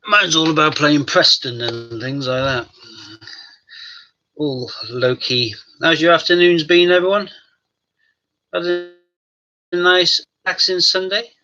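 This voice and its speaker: A man's voice: a little high, moderate pace, bright, forceful tone, a little hiss or hum. Chatty man, lo-fi stream. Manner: chatty, jokey, talks to his dog and chat. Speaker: live stream host. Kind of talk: casual chat with live chat viewers. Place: home room. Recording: dull lo-fi stream audio.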